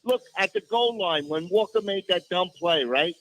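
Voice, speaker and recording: A man's voice: sits high, animated, moderate pace, fairly bright tone, rough recording. A man calling in to a sports radio show, exasperated and repeating rhetorical questions. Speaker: caller. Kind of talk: phone-in rant.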